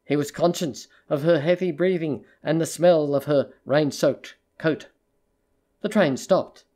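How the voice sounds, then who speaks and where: A narrator reading a literary short story aloud in a measured, steady storytelling manner. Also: mid-range voice.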